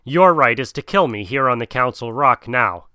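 A man's voice: medium pitch, lively intonation, moderate pace, bright, forceful tone, smooth, dry recording, studio quality. A man doing a weary, dignified old wolf leader. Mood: weary defiant. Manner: dignified, pleading.

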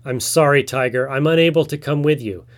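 A man's voice: mid-range voice, fairly quick, natural voice. A man voicing a lazy, boastful male spider trickster who feigns weakness, in a told folk tale. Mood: feigning weakness.

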